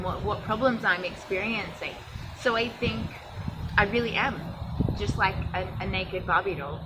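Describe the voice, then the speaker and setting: A woman's voice: medium pitch, very noisy. A young adult woman with an Australian accent talks openly to camera in a casual, reflective vlog, restarting phrases as she goes. She is speaking from an outdoor swimming pool. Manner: candid, reflective, with frequent restarts and fillers. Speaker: vlogger. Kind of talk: casual personal talk to camera.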